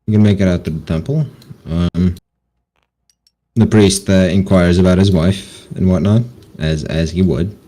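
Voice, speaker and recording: Man, game master, deep voice, hesitant casual narration. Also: fairly even intonation, normal speed, mellow, poor audio.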